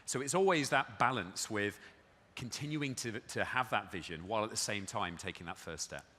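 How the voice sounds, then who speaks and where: A man with a bright, forceful tone answers on a conference panel in a casual, loose way, leaning on "like". His voice echoes through a large hall. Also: fairly low pitch, moderate pace. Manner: casual, uses "like" a lot. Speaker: panelist, entrepreneur. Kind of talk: conversational panel talk. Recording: hall reverb.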